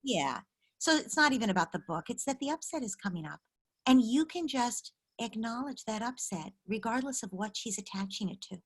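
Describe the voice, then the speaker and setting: Slightly rough and a little high, this middle-aged woman's voice has lively intonation and a fairly quick pace. As a parenting expert running call-in office hours by video, she offers warm, empathetic, direct guidance.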